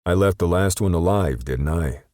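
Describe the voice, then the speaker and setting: A man voicing a ruthless male assassin who snarls his threats flatly, in an audiobook. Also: low voice, moderate pace, no echo, studio quality, voice pushed up, natural voice. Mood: menacing.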